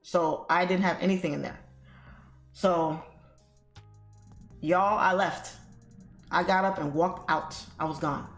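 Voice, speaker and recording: A woman's voice: lowish voice, fairly even intonation, slow pace, long pauses. A woman host chatting casually to her viewers, telling an exasperated story with salty language and calling them y'all. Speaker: trading livestream host. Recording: roomy echo with faint music.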